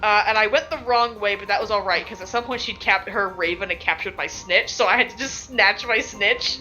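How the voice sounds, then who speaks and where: A woman's voice: mid-range voice, a little fast, sharp tone, soft background music, poor audio. A woman who plays in a tabletop game, recapping a session casually, rambling and laughing, with lots of filler words.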